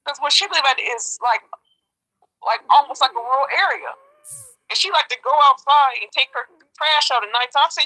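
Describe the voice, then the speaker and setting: A woman's voice: high voice, normal speed, bright, forceful tone, poor audio. A woman chatting casually, telling long rambling stories full of fillers and restarts. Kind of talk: casual chat.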